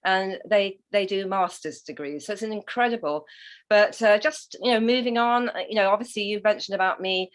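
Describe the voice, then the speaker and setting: An Englishwoman in a relaxed video-call interview, speaking at a middle pitch. She tells her story with lively, chatty warmth and breaks into frequent laughs. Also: fairly quick. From England. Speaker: guest, Rotary leader. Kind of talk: conversational interview.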